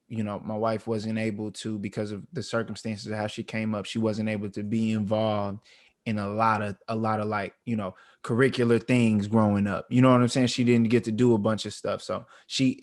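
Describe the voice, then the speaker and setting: A man's voice: on the low side, a little mellow. A man in his thirties, co-hosting a podcast, telling a heartfelt family story in a slangy, emotional way full of fillers. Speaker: podcast co-host. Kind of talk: casual storytelling chat.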